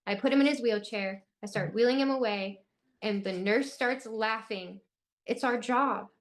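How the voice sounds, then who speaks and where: A woman's voice: mid-range voice, normal speed. A young woman from Illinois, a guest in an interview, giving an urgent, intense personal account.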